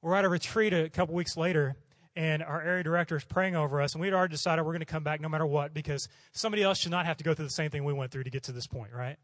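A man's voice: fairly high pitch, rapid-fire, no room sound. A middle-aged man from Oklahoma, a missionary preacher telling stories in a sermon and acting out the voices of the people in them. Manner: animated, acts out voices in his stories. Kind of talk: storytelling sermon.

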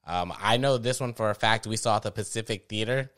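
Clear-voiced man telling stories. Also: on the low side, a little fast. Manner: animated storyteller, laughs often. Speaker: podcast co-host. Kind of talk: casual chat.

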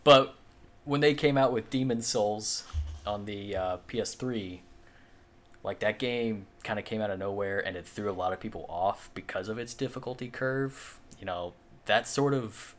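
A man's voice: lowish voice, normal speed. A man co-hosting a podcast in casual chat, rambling with lots of fillers and the odd swear. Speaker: podcast co-host.

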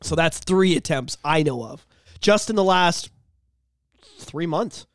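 A man's voice: fairly high pitch, lively intonation, takes it slowly, a bit bright, no echo, clean studio sound. A man co-hosting a casual podcast, talking in a blunt, heated, sweary way. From Canada. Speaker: podcast co-host.

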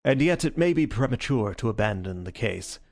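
A man as a calm sharp detective, measured, dry, gravelly low voice, storybook reading. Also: no room sound.

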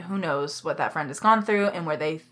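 Young woman podcast co-host, fired-up profane storyteller, lower-pitched and bright. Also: fairly quick, soft background music. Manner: heated, profane, animated storytelling. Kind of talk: casual storytelling chat.

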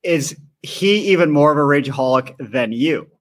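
A man's voice: fairly high pitch, lively intonation, normal speed. A man co-hosting a podcast, joining the casual comedic banter with joking interjections. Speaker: podcast co-host.

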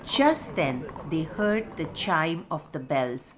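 A woman telling a children's storybook tale in a slow, clear, expressive way. Her pitch moves in a lively, animated pattern, as in reading to young listeners. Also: a little hiss or hum.

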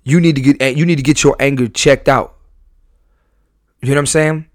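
A man at a middle pitch talks straight into a dry, close mic on his podcast. He speaks emphatically, circling back over his own phrases as he works out a thought. His voice jumps from loud bursts to low, quiet asides. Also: steady tone, moderate pace, dry recording. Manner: emphatic, repeats and restarts phrases. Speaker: podcast host. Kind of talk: candid podcast monologue.

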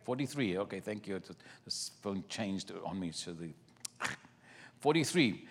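Animated male preacher in a reverberant hall. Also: lowish voice, normal speed, husky. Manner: animated storytelling, acting out scripture scenes. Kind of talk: sermon.

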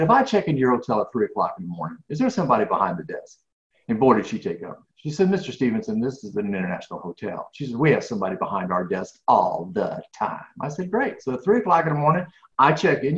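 A man telling a story in a podcast interview, acting out each exchange with a lively, swinging pitch. His voice sits in a roomy space. The sound is slightly dull and lo-fi. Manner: animated, acts out dialogue. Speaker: guest speaker.

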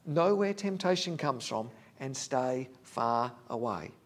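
A man's voice: mid-range voice, expressive, slow pace. A man preaching a sermon, earnest and candid, talking plainly to the congregation with fillers.

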